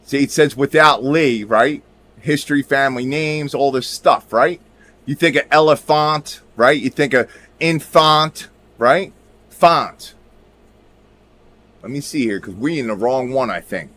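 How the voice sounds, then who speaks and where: Pitched in the middle and a bit bright, the man's voice moves a little slowly as he shares his screen. He's a video creator commenting casually yet emphatically, dropping the odd curse and often checking on his viewers.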